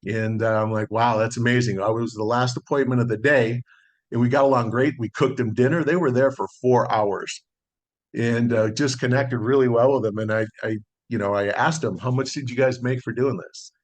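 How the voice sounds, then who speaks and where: A middle-aged man, a solar sales consultant, telling a relaxed story in a podcast interview and acting out the dialogue. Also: mid-range voice, normal speed. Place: Las Vegas.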